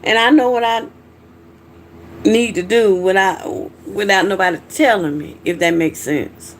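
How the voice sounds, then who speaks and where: A woman's voice: medium pitch, unhurried, a little hiss or hum. A middle-aged woman from Georgia with a Southern accent, chatting frankly with viewers on her livestream and reacting to their comments. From Georgia, USA. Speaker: livestream host. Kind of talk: casual livestream chat reading comments.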